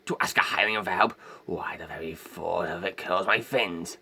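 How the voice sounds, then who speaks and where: A sneering old fish advisor, played by a man in an amateur game voice-over. He talks in clipped, disdainful phrases. The voice sits low, with a bright, tense tone. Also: moderate pace, breathy edge, heavily acted. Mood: scornful. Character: stern old male fish advisor, distrustful.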